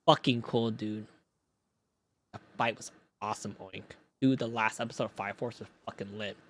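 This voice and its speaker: A man's voice: lowish voice, fairly even intonation, moderate pace. A man streaming live, chatting casually and rambling. He swears freely and breaks off to react to chat. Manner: rambling, profane, reacting to chat mid-story.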